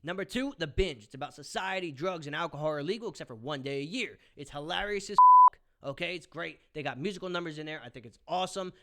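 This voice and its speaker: A man's voice: fairly high pitch, lively intonation, fast, a bit bright. A young man ranting profanely about a movie review in a combative vlog, swinging between mutters and outbursts. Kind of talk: ranting commentary.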